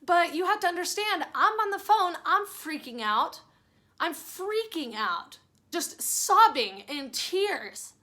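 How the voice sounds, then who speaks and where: A woman's voice: very high-pitched, sing-song, slow, bright, forceful tone. A young woman under twenty-one from Missouri telling a storytime vlog in a chatty, candid way, swearing freely and mocking herself. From Springfield, Missouri. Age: young adult, under twenty-one. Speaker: vlogger.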